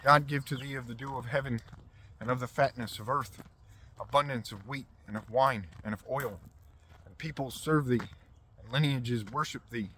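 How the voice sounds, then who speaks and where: A man reading the part of an aged blind father, solemn and measured, in a scripture reading. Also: medium pitch, sharp tone, a little hiss or hum, lightly acted.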